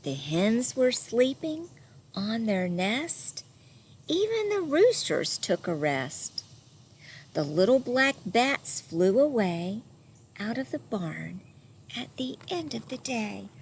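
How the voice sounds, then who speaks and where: Woman reading a kids picture book, slow and sing-songy, animal noises, faint hum behind. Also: a little high. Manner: gentle and lively, doing animal sounds and asking listeners questions. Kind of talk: read-aloud storytime.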